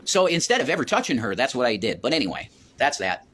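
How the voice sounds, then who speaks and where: A man recounting a fight in an agitated, profane way, circling back over the same points. His voice sits in an ordinary middle pitch. A faint noise hums under the recording. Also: big pitch swings, fast talker, fairly bright tone. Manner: profane, agitated, repeating himself. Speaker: streamer telling a story. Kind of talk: emotional storytelling on a stream.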